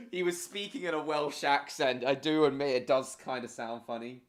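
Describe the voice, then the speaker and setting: A man's voice: mid-range voice, normal speed, hardly any pauses, reverberant. A man hosting a live stream, chatting casually over a show, rambling with many fillers and restarts.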